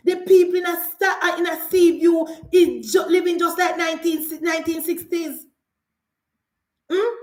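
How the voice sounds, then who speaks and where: Jamaican woman, fiery political commentator, high voice, mocking rhetorical questions, roomy echo on a phone recording. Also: steady tone, normal speed, a little mellow. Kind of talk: impassioned political rant. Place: indoors, filming herself for social media.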